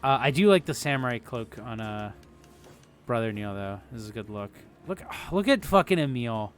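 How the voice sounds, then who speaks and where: A man's voice: mid-range voice, animated, normal speed, soft background music. A young man rambling through casual live game commentary, swearing often and laughing easily. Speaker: streamer.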